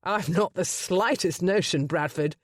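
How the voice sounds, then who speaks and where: A narrator voicing a smug, condescending older gentleman villain in an audiobook. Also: high-pitched, a little slow, no echo. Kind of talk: audiobook character voice.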